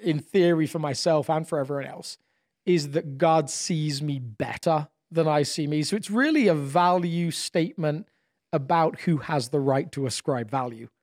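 A man's voice: on the high side, normal speed, a little mellow, no echo, studio quality. A man co-hosting a podcast in casual conversation, thoughtful and often repeating words as he starts his sentences.

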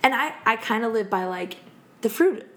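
A woman in her thirties, a podcast guest telling a story in casual chat, animated and laughing often as she acts out quotes. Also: on the high side, moderate pace.

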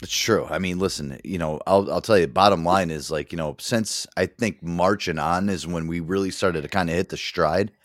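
A man's voice: deep voice, normal speed, hardly any pauses, no room sound, clean studio sound. A man hosting a talk show, rambling with lots of "I mean, listen," and laughing often. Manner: rambling, many fillers and restarts, laughs a lot. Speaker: host. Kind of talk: casual chat.

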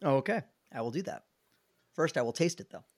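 A man's voice: a little high, lively intonation, a little fast, dry recording. A man chatting as a podcast panelist, upbeat and talkative, laughing easily. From Alabama, USA. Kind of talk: casual podcast chat.

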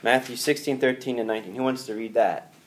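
A man's voice: mid-range voice, fast, a little hiss or hum. A man teaching a Catholic Bible class to a room of students, talking in a conversational way with rhetorical questions.

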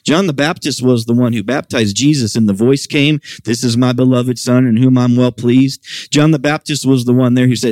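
Middle-aged male pastor, animated sermon delivery, mid-range voice, dry close sound. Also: normal speed, no echo. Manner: animated preaching, voicing quoted questions in a raised pitch. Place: church service.

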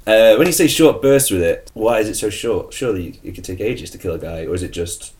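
A man's voice: fairly low pitch, lively intonation, quick pace, darkish tone, slight background noise. A man in casual conversation, asking questions and laughing along easily. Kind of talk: casual chat.

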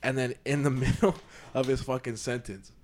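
A man co-hosting a casual podcast chat, telling a story with lively acted-out quotes and a lot of "you feel me.". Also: medium pitch, moderate pace, a little hiss or hum. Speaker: podcast co-host.

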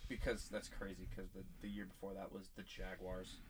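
A man's voice: sits low, completely flat delivery, brisk, a crowd in the background. A young man co-hosting a sports podcast, opinionated, casually swearing and rattling off stats. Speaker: podcast co-host.

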